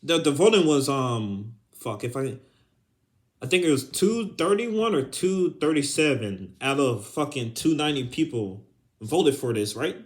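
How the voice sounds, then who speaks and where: A man's voice: medium pitch, lively intonation, a little slow. Profane, heated young man ranting. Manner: profane, heated, breaks into laughter. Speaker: podcast host. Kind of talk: casual ranting monologue.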